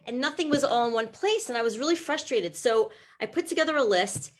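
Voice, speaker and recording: A woman with a fairly high voice tells her personal story as a talk show guest. She speaks in a chatty, heartfelt way and often restarts her sentences with fillers. She is a breast cancer advocate. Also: expressive, a little fast.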